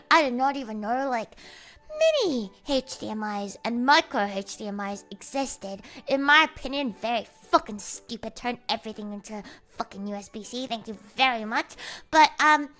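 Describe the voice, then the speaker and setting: A woman's voice: on the high side, pushed and bright. A young woman chatting casually on a livestream, rambling, swearing freely and joking with her viewers.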